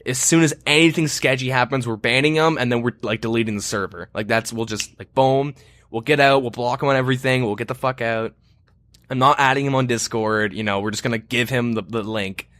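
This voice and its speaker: A young man tells a long story on a podcast, full of fillers and loose asides, swearing freely. His voice sits at an ordinary middle pitch. The sound is close and dry, with almost no room echo. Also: fairly quick, fairly bright tone. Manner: rambling, swears often, many fillers. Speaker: podcast co-host. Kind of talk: casual storytelling chat.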